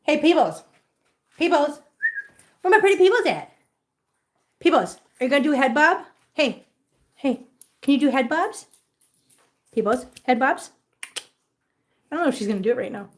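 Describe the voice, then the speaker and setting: A woman's voice: sits high, animated, moderate pace, pauses often. A woman hosting a casual livestream at home, baby-talking to her cats and chatting with viewers. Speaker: host of a cat-care livestream.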